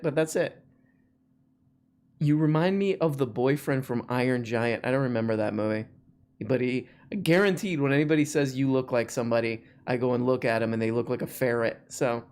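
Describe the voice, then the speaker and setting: A man hosting a casual live stream, joking and playful in quick asides to callers and viewers. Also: mid-range voice. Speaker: livestream host.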